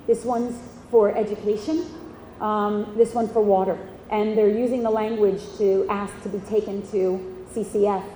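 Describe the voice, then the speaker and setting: A woman's voice: mid-range voice, warm tone, roomy sound, big-room sound, slight background noise, poor audio. A woman giving a keynote speech at an outdoor event, telling a personal story in earnest, emotional, fragmented phrases. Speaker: keynote speaker. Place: outdoor event at a horse park.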